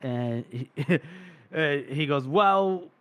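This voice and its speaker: A man's voice: a little high, a little slow, fairly bright tone, dry recording. A man co-hosting a podcast, retelling a novel's scenes in casual chat, acting out the characters' lines and laughing often. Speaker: podcast co-host.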